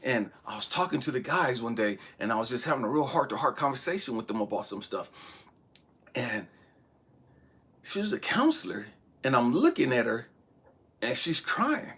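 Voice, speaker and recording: A man's voice: medium pitch, very animated, normal speed, pauses often, a bit bright, breathy edge. A man in his thirties giving a spiritual motivational talk, preaching with bursts of emphasis that drop to near-whispers. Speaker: motivational speaker.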